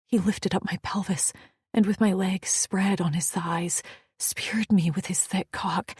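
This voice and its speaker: Woman narrator, whispered audiobook read, very breathy, slow unhurried delivery. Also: medium pitch, steady tone, no echo, studio quality. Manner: intimate, hushed.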